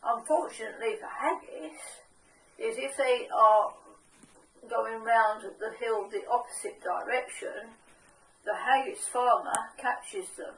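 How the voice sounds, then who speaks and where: A woman with a slightly high voice leads a relaxed craft tutorial at an unhurried pace. Her delivery is chatty and homely, with a self-deprecating humour. Faint background noise sits under her voice. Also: low-quality recording. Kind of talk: casual step-by-step craft demonstration.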